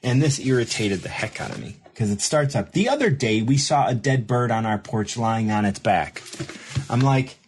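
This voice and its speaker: A man hosting a show, telling a rambling, self-mocking story in casual chat, animated, with laughs and restarts. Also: mid-range voice, moderate pace, slight background noise. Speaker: show host.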